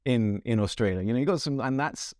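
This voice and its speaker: A man co-hosting a sports podcast, chatting casually, animated and joking, laughing often. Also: medium pitch, a little fast, no room sound, studio quality. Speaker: podcast co-host. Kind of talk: casual chat.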